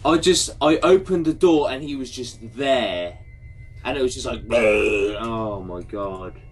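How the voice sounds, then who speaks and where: Slow, panicky young man. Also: mid-range voice, slightly rough. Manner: swearing, panicky, talks to the game. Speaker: gaming co-host. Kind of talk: scared let's play commentary. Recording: noisy background.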